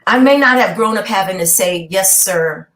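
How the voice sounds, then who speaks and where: A woman's voice: mid-range voice, lively intonation, moderate pace, a bit bright. A middle-aged woman from New York with Southern roots, a guest in a casual chat who tells stories emphatically and keeps asking "okay?". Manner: emphatic storyteller, rhetorical "okay?".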